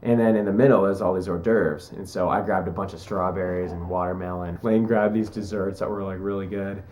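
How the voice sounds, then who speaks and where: A man's voice: low-pitched, steady tone, brisk, darkish tone, a little hiss or hum. A young man vlogging, telling a story in a chatty, joking way and acting out what people said. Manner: chatty, joking, acts out quotes. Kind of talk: casual storytelling.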